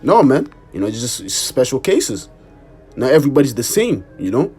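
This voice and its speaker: A man's voice: mid-range voice, big pitch swings, moderate pace, darkish tone, slightly rough, faint music behind. A man preaching an informal sermon and reading scripture, emphatic, repeating "man" and cursing for emphasis. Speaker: street preacher.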